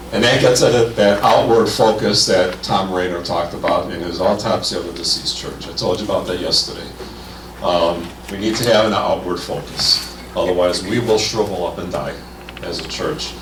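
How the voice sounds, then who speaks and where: Energetic man giving a keynote in a hall. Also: low-pitched, noisy background. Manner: energetic, conversational, upbeat. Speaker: keynote speaker. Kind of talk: conference keynote talk. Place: large conference hall. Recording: echoey hall, mic from a distance.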